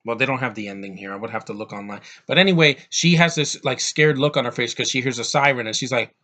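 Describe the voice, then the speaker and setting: A man rants through a casual movie review, rambling and profane, in a voice of middling pitch. He swings between heated outbursts and muttered asides. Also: quick pace, sharp tone.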